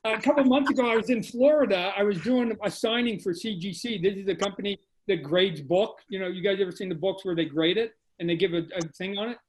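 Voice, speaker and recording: High-voiced man telling lively stories. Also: quick pace, hardly any pauses, poor audio. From Canada. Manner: animated, repeats phrases. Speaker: guest. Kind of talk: casual storytelling. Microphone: video call.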